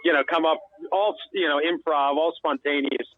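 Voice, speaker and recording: A man comedian, a guest calling in, telling old stories in a halting way full of restarts and "you know". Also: fairly high pitch, steady tone, dry recording. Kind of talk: casual interview chat over phone. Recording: tinny phone line.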